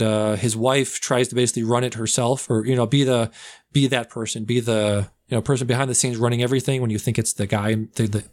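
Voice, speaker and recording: A young man casually reviewing movies on a podcast, rambling and slipping into loud, comic put-on accents. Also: medium pitch. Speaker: podcast host.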